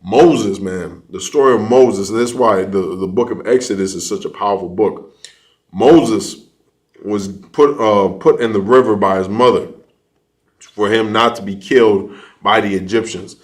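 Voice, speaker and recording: A man leading an online class, preaching emphatically and building to loud, animated peaks. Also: lowish voice, measured pace. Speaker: class teacher. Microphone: online class setup.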